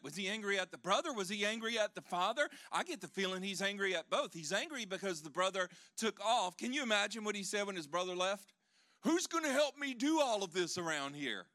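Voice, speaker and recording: A man, a pastor, preaching a sermon with animated delivery that swings from loud proclaiming to hushed tones, with joking asides to the congregation. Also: high-pitched.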